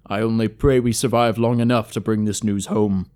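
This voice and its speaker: A man's voice: lowish voice, level tone, moderate pace, darkish tone, clear, resonant tone, lightly acted. A man voicing a formal, earnest male elf scout in a fantasy storybook reading. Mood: solemn, urgent.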